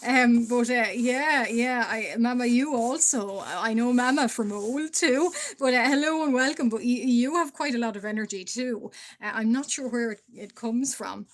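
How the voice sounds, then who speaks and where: A higher-pitched Irish woman talks casually to her live chat as she draws. Her voice is stuffy from allergies, with the odd cough. She chats in loose bursts full of "uh" and quick hellos to viewers. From Ireland. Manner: chatty, greets viewers, frequent fillers and laughs. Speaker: live-stream artist. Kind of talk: casual live-stream chat while drawing.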